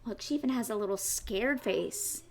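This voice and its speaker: A woman children's librarian reading a picture book aloud at storytime, animated, asking the kids questions and slipping into gasps and whispers. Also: medium pitch, moderate pace, creaky, a little hiss or hum.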